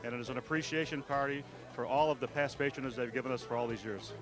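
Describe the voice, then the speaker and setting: A Chicago man who owns a restaurant is hosting a party, speaking fast at a medium pitch with fairly even intonation over loud music. He's a genial storyteller addressing the crowd with anecdotes, mixing a speech to guests with interview answers, while party guests chat loudly behind him.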